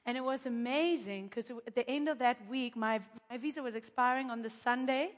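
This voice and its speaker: A woman preacher telling a testimony to her audience in an animated, chatty way, with asides to the crowd. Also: fairly high pitch, a little fast. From South Africa. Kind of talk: testimony in a sermon. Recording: long hall reverb.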